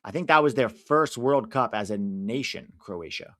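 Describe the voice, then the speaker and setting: An American man commenting casually on a live football match for his stream viewers, reacting loudly to big moments. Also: medium pitch, animated, moderate pace. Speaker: watch-along streamer.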